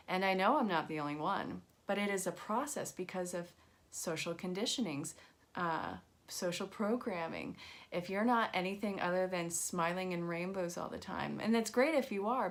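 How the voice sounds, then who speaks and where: A woman giving a casual live-streamed card reading, chatty and reassuring as she talks straight to her viewers. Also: fairly low pitch. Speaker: angel card reader.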